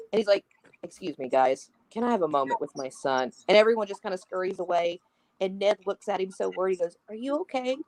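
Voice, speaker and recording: Retelling scenes from a film as a podcast guest, a woman performs the characters' dialogue in an animated, casual chat. Her pitch is medium. The sound is echo-free but of poor quality.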